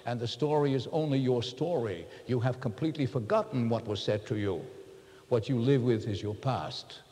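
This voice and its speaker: A man's voice: mid-range voice, normal speed, dark tone. Earnest man speaking in a reverberant hall. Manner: earnest, confessional and reflective. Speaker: workshop speaker. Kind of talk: personal talk to a live group. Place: large room with an audience.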